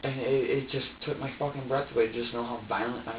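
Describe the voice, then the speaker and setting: Halting man in an echoey interrogation room. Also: mid-range voice, little pitch movement. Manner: halting, repeating words, swearing, quoting himself. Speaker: suspect being questioned. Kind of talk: police interrogation recording. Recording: roomy, distant, dull with hiss.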